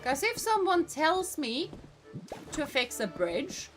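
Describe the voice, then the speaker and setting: A woman's voice: high voice, sing-song, takes it slowly, fairly bright tone, soft background music. A woman streaming a video game, giving casual, playful commentary, often giggling and reading game text aloud. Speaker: VTuber streamer.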